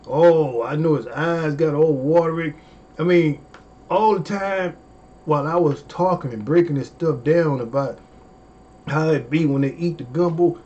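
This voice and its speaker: A man, hosting a comedy livestream in casual chat, animated and folksy, with drawn-out exclamations. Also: on the high side, dull audio, slight background noise.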